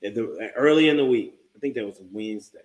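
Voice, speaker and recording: A man in his thirties hosting a casual livestream chat, telling a story in a laid-back, halting way with lots of fillers. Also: lowish voice, rough recording. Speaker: podcast host.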